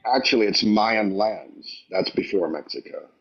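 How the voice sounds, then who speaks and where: A man calling in to a live stream, talking in a slow, measured, calm way. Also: on the low side, husky. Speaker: caller. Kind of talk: casual debate. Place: lives in Central America. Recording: muffled call audio.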